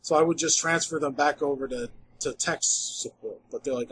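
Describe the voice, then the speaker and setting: A man's voice: a little high, moderate pace, fairly bright tone, poor audio. Laid-back American man over faint noise. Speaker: podcast co-host. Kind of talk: casual chat.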